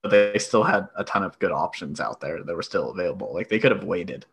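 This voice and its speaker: A man's voice: deep voice, animated, fast talker, gravelly, fairly bright tone, breathy edge. A man co-hosting a sports podcast in casual chat, laid-back and agreeable, often chiming in with short affirmations. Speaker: podcast co-host.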